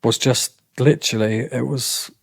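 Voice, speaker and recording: A middle-aged man with a halting way of talking, often restarting and repeating himself as he tells a personal story in an interview. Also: medium pitch, fairly even intonation, gravelly, husky, dry recording, studio quality. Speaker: interview guest. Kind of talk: emotional personal account.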